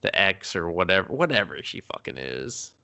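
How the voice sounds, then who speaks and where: A man's voice: low voice, sing-song, creaky, bright, forceful tone. A man co-hosting a casual movie review podcast, joking and swearing freely as he talks. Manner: joking, swears freely, slips into quick mock voices.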